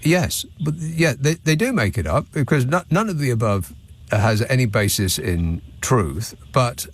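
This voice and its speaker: A man's voice: mid-range voice, expressive, measured pace, a little hiss or hum. Wry British man hosting talk radio. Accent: British English. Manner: sardonic, wry storytelling. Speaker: radio phone-in host. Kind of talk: late-night call-in radio chat. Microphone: studio microphone.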